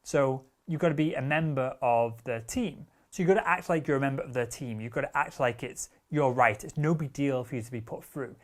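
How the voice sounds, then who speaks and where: A male sales trainer giving instruction at a medium pitch for a man. His delivery is direct and assertive, and his wording is casual and blunt, with the occasional curse word. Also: a little fast, few pauses. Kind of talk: instructional talk.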